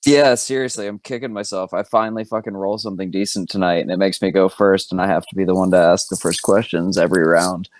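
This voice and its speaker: A man's voice: deep voice, steady tone, fast, hardly any pauses, dry recording. A man playing a tabletop game, hesitant and stressed, swearing often as he thinks aloud. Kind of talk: casual game chat.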